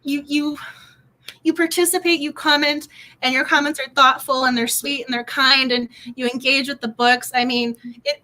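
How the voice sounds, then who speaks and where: Young woman, book club host, high and bright, gushing casual chat. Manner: bubbly, gushing, laughs often. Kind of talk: casual live-stream chat.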